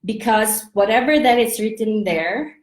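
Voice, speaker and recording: Filipino lady vlogging, slow and chatty, lots of ums, roomy echo. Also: fairly high pitch. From Philippines. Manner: chatty, laughs often, many fillers and restarts. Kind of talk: casual explainer vlog. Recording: echoey room.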